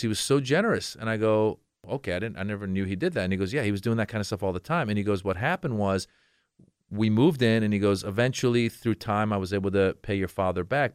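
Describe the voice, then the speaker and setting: Male comedian guest, forties, from Iran, low smooth voice, dry close sound, animated anecdotes. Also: dry recording. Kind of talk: casual interview storytelling.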